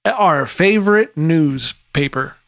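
A man's voice: fairly high pitch, slow pace. A man co-hosting a comedy podcast, cracking jokes and heckling in casual chat. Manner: jokey, deadpan heckling. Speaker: podcast co-host.

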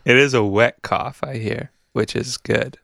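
Quippy podcast dude, gravelly voice that bounces around, dry close sound. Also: male voice, medium pitch, fairly even intonation, unhurried, a bit bright, no room sound. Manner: wry, quippy. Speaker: podcast co-host. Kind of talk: casual comedy chat.

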